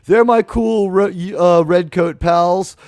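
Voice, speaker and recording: A man's voice: high voice, takes it slowly, darkish tone, no echo. Rambling joking male talk show host. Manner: rambling, jokey, with restarts. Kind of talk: casual live chat.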